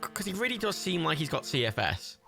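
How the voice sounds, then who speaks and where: A man's voice: on the high side, big pitch swings, fast talker, gravelly, bright, forceful tone, soft background music. A young man chatting casually while playing a building game, often confused, laughing and swearing. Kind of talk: casual gameplay chat.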